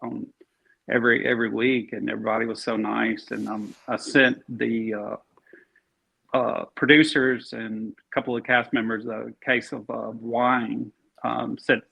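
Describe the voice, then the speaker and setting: A man's voice: mid-range voice, little pitch movement, unhurried, vocal fry, sharp tone, slightly rough. A man being interviewed as an actor, talking easily and rambling with many fillers and restarts. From Alabama. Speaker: actor guest. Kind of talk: casual interview chat. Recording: dull lo-fi sound.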